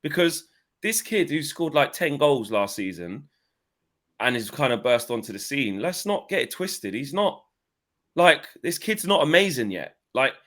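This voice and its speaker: A man's voice: medium pitch, a little slow. Chatty man hosting fan talk. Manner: animated, chatty, loose phrasing. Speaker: co-host of fan channel. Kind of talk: casual chat.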